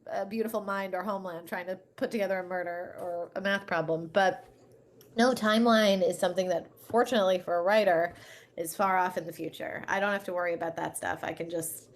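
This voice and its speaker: A woman's voice: on the low side, steady tone, fairly quick. A woman in her thirties, an author in an interview, talking animatedly with many fillers and restarts and laughing often. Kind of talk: interview conversation.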